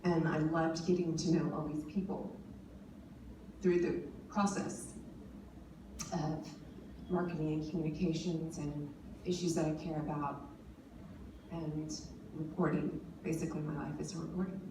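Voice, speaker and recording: Speaking on a panel in a big conference hall, this woman in her forties delivers a heartfelt personal talk at a forum, stumbling through fillers and restarts. Her low voice is flat and a little slow, with frequent pauses. The audio comes from a distant mic, with echo and noise.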